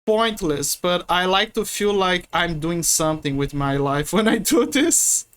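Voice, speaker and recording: A woman's voice: fairly low pitch, expressive, unhurried. Playful woman streamer. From Brazil. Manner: rambling, playful, many restarts. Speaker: game streamer. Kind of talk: casual stream chat while gaming.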